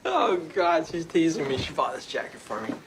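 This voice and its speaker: A woman's voice: sits low, sing-song, moderate pace. An actress in a film playing a flustered, chatty mother.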